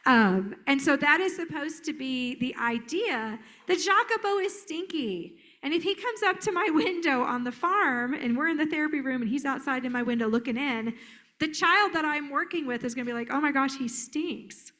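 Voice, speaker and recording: A woman giving a live conference talk as a therapist, animated and joking, slipping into silly voices. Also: high voice, brisk.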